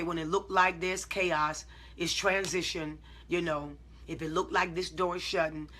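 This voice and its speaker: A woman preacher speaking informally to online viewers, telling stories emphatically and acting out her side of conversations. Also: lowish voice. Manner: swings from calm self-talk to loud, drawn-out exclamations.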